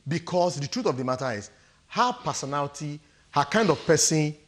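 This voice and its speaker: With a fairly high, animated, slightly bright voice, a Nigerian-accented guest counsellor talks briskly on a studio talk show, offering forceful relationship advice. He dramatizes quoted lines and laughs a lot.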